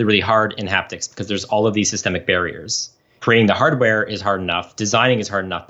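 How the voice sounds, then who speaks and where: A man in his thirties, a professor, explains his research in relaxed, rambling sentences full of fillers. His voice sits on the low side. The recording sounds dull and lo-fi. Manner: chatty, explanatory, with frequent fillers. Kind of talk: casual podcast interview.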